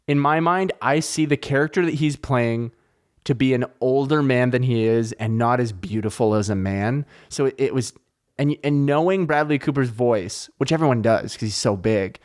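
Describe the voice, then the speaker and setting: A man's voice: medium pitch, darkish tone. A man hosting a podcast in casual chat, rambling and swearing freely, and poking fun at himself. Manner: rambling, profane, self-mocking. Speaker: podcast host.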